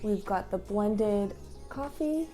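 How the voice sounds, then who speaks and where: A woman's voice: medium pitch, animated, slow pace, over loud music. A young woman vlogging at home in a chatty, upbeat way with lots of ums. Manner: upbeat, chatty, filler-heavy. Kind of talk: casual vlog chat.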